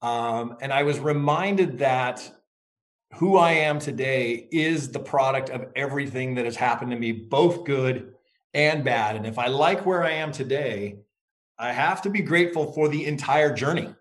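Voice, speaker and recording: Middle-aged guy on an interview, thoughtful and measured, telling his story. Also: mid-range voice. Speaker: interview guest, author. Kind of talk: interview conversation.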